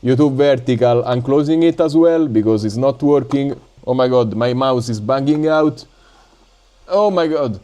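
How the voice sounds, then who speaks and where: A man from Italy with an Italian accent, chatting casually and haltingly on a live stream while building drones, with many fillers and stops. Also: medium pitch, dark tone. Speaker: drone hobby livestreamer.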